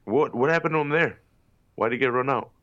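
A man's voice: medium pitch, brisk, a bit bright, dry recording, dull audio. A man co-hosting a podcast, joking around in loose, profane sports banter. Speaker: podcast co-host. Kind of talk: casual sports chat.

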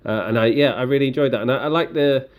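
A man co-hosting a podcast in casual chat, at a middling pitch. He rambles through his thoughts with plenty of fillers and false starts. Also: very fast. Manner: rambling, many fillers and restarts. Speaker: podcast co-host.

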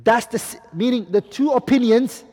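A man's voice: extremely high pitch, moderate pace, warm tone. A man teaching a class, who keeps asking his students questions and repeats each Arabic term with its English meaning. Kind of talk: classroom lecture. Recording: long hall reverb.

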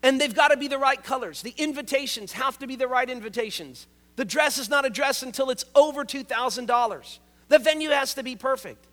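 A man's voice: very high voice, a little fast, fairly bright tone. A male pastor preaching a sermon, conversational and joking, who drives points home by repeating key words. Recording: long reverb of a large hall.

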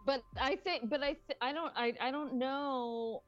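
A woman's voice: high voice, a little slow, dull audio, soft background music. Rambling woman podcast co-host. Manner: rambling, filler-heavy, swears freely. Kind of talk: casual chat.

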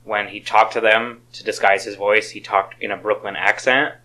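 A man's voice: fairly low pitch, flat delivery, moderate pace, sharp tone, rough recording. A man in casual chat reviewing a film, blunt and opinionated. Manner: blunt, opinionated, occasional swearing.

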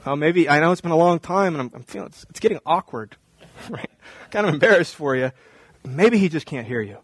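A man playing a bold prophet who taunts his rivals with dry, playful sarcasm. The voice sits high, in a dead, close sound. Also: a little slow, a bit bright, dry recording, poor audio. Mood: mocking.

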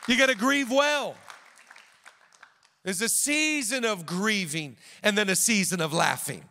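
Man preaching a sermon, emphatic repetitive cadence, higher voice, long hall reverb. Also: measured pace, creaky, sharp tone, some chatter behind. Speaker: pastor.

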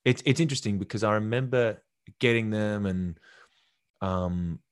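A young man tells stories in a casual interview, his voice sitting low and animated as he slips into other people's lines. The sound is close and dry, with no room around it. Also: normal speed, no echo. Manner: animated, acts out quotes from others. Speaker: actor guest.

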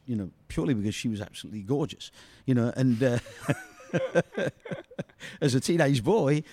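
A man's voice: medium pitch, warm tone. A middle-aged man telling long anecdotes as an interview guest, padding his talk with "you know" at every turn. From Britain. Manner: rambling, fills every pause with "you know". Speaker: guest, former soccer player. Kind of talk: storytelling interview.

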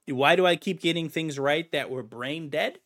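A man's voice: a little high, moderate pace, a bit bright. A man co-hosting a casual gaming podcast, ranting in an exasperated way and swearing now and then. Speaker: podcast co-host.

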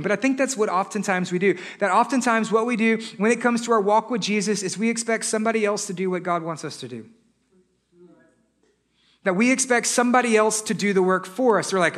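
Very high-voiced impassioned male pastor. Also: fast, a bit bright. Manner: impassioned, many rhetorical questions, building in intensity; sarcastic asides. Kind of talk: sermon. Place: church service before a congregation.

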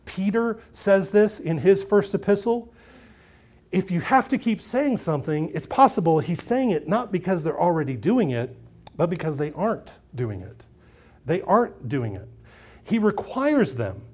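A middle-aged man preaching a sermon in a conversational way, swinging between loud emphasis and quiet asides, often repeating and restarting phrases. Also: high-pitched, sing-song, moderate pace. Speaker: pastor.

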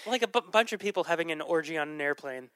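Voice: mid-range voice, animated, fast talker, fairly bright tone, clean tone, no room sound. A podcast host in a casual movie chat, talking loosely with ums and frequent laughs. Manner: chatty, laughs often, trails off with ums.

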